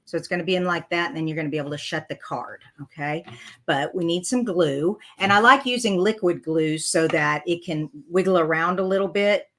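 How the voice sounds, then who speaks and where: A woman's voice: lowish voice, a little fast, fairly bright tone. A woman, chatting casually as she demonstrates a card-making project live, talking through her slips with good humor. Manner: chatty and self-deprecating, talking through mistakes. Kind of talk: live crafting tutorial chat.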